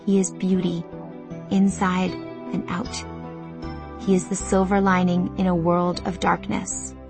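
A woman narrating a first-person audiobook in an intimate, emotional, measured way. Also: fairly low pitch, completely flat delivery, gravelly, over music.

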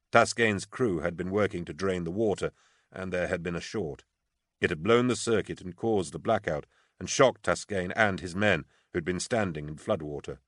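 A man narrating a novel in a measured, even storytelling voice. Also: low-pitched, no echo, clean studio sound. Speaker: audiobook narrator. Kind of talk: scripted narration.

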